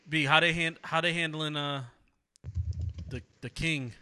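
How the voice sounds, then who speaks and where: A man's voice: on the high side, steady tone, slow, bright, forceful tone, a little hiss or hum. A young man co-hosting a podcast, rambling and playful with lots of laughs. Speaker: podcast co-host. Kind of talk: casual chat.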